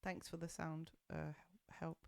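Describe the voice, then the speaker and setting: A woman's voice: sits low, completely flat delivery, measured pace, vocal fry, dry recording. Woman, casual streamer host, chatty and giggly, dry close-mic sound. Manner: chatty, laughs often, fiddles with audio settings. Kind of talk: casual chat. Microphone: desk mic.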